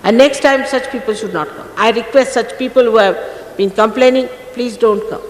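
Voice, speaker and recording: A woman's voice: a little high, normal speed. A woman spiritual teacher giving a stern, scolding talk to her followers, recorded in a large hall. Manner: stern and admonishing, emphatic. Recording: echoey archive recording from a hall, faint noise.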